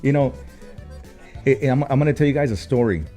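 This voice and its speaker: A man's voice: mid-range voice, a little fast, warm tone, faint music behind. A man, co-hosting a casual talk show and telling a long story, with many fillers, swearing and switches into Spanish. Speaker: co-host.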